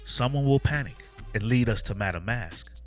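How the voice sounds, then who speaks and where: A man's voice: mid-range voice, animated, normal speed, faint music behind, natural voice. A man voicing a blunt, irritable female agent with a curt, dry delivery.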